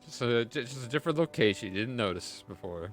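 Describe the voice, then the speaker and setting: A man's voice: mid-range voice, expressive, fast talker, faint music behind. A man narrating as game master in a chatty way, laughing often and leaving many fillers between phrases.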